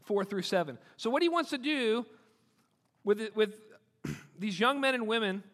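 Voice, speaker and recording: Bright-voiced pastor preaching in a reverberant hall. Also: male voice, high-pitched, measured pace. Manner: animated, repeats points for emphasis, acts out quoted people. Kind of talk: sermon. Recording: long reverb of a large hall.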